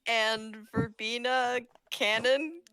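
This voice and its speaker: A woman playing a tabletop game, reacting with giggles and animated comments. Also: fairly high pitch, takes it slowly. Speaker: player. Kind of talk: casual chat.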